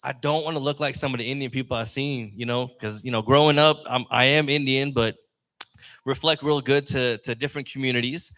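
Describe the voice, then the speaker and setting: A man's voice: mid-range voice, fairly even intonation, a little fast, fairly bright tone. A man doing a loose, rambling stand-up set on a lounge stage mic. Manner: rambling, loose, chatty delivery. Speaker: open mic comedian.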